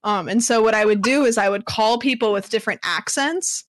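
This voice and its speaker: A woman's voice: on the high side, a little fast, no room sound. A young woman, a guest in a casual interview, telling stories in a chatty way with lots of filler words. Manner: chatty, lots of "like" fillers, acts out quoted voices.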